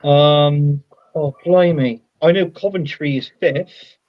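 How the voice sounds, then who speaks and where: A man's voice: a little high, takes it slowly, dry recording, dull audio. A man talking casually as a guest on a livestream, rambling and hesitant. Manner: rambling, hesitant, many restarts and fillers. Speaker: guest co-host.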